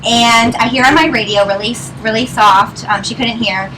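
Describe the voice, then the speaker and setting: A woman's voice: fairly high pitch, fairly quick, few pauses. Chatty young woman speaking to an audience. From Northern Virginia. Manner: chatty, laughs through her stories. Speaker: presenter at a business meeting. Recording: distant mic, clear noise.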